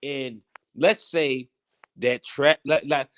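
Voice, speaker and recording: A man hosting a casual current-events commentary, teasing and theatrical, swinging between loud outbursts and hushed asides. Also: medium pitch, steady tone, takes it slowly. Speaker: host.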